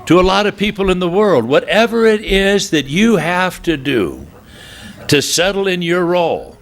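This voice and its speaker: At a church retreat hall, a pastor delivers a sermon for a marriage retreat at a normal pace. He tells funny stories and jumps into high, animated voices whenever he quotes someone.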